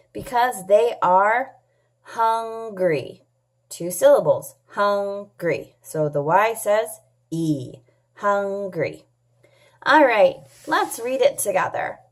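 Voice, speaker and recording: A woman teaching a children's phonics lesson, sounding out letters and words clearly and patiently, asking questions and answering them herself. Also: medium pitch. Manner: patient, asks and answers her own questions. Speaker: English teacher.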